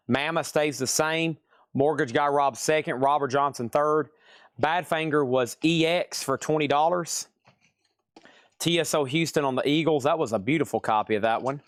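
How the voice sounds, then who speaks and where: In a record shop, a man hosts a live-stream vinyl sale, chatting casually as he reads out buyers' names, prices and each record's condition. His mid-range voice is a bit bright, captured in clean studio sound with no room sound.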